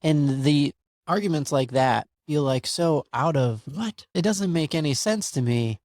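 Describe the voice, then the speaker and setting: A man's voice: a little high, a little slow, a little mellow, dry recording, studio quality. A man hosting a podcast, thinking aloud in a thoughtful, reflective way with many "like"s. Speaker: podcast host. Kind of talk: casual podcast conversation.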